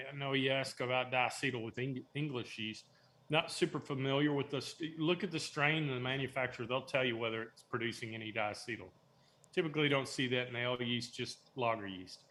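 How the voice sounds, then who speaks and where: A man explains brewing in a relaxed, knowledgeable manner, dropping in plenty of ums. His voice is mid-pitched with a bright, forceful edge. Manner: knowledgeable, relaxed, filler-heavy. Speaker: guest brewer. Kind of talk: casual explaining.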